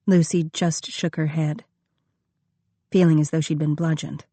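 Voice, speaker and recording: A woman narrating an audiobook in a measured, expressive reading. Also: sits low, dry recording. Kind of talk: scripted narration.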